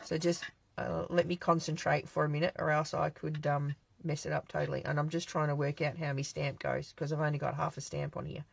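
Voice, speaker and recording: A woman's voice: low voice, flat delivery, a little fast, creaky, dry recording, poor audio. An Australian woman hosting a live craft demonstration from her home craft shed, chatting in a rambling way and answering viewer comments as she works.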